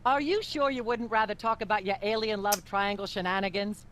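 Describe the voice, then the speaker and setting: A woman's voice: mid-range voice, fairly even intonation, fairly quick, a bit bright, a little hiss or hum, natural voice. An actress voicing a smarmy female talk-show host in a cartoon adventure game, affected and condescending. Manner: affected, condescending, calls guests dear.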